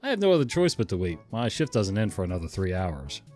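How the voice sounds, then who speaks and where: A man voicing an unflappable store clerk with deadpan replies. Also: sits low, fast talker, soft background music.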